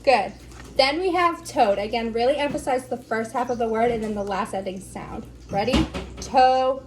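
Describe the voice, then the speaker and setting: A woman teaching as a speech therapy instructor, slowly over-enunciating the sounds she models. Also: fairly high pitch, slight background noise, poor audio. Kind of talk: instructional demonstration.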